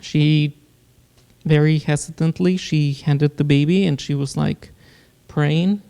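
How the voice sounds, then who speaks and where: A man, a podcast guest, earnestly telling a personal story in casual talk, with halting restarts. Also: on the high side, steady tone, vocal fry, mellow, clear, resonant tone. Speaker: guest, producer.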